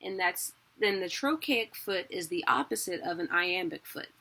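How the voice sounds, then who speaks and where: A woman giving a casual video lesson, chatty and quick to correct herself. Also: fairly low pitch, animated, bright, forceful tone. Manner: chatty, self-correcting, laughs at own mistakes. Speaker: teacher.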